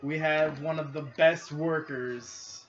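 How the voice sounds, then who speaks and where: A man's voice: on the high side, steady tone, takes it slowly. A young man with a Midwestern accent giving earnest, sometimes announcer-style picks in a casual chat while gaming. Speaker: podcast co-host. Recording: lo-fi audio with clear background noise.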